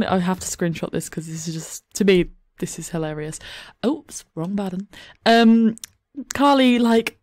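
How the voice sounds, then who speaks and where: A woman's voice: mid-range voice, lively intonation, unhurried, dry recording, clean studio sound. A woman giving chatty, giggly let's play commentary into a desk microphone at home. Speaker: gaming YouTuber.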